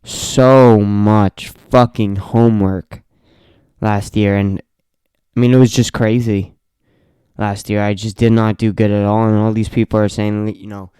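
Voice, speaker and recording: A man's voice: lowish voice, level tone, normal speed, warm tone, clear, resonant tone, no room sound. A teenage guy hosting his own podcast, venting with lots of swearing and repetition in a casual solo rant from a home podcast room. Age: late teens. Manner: profane, venting frustration, repeats himself. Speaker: podcast host.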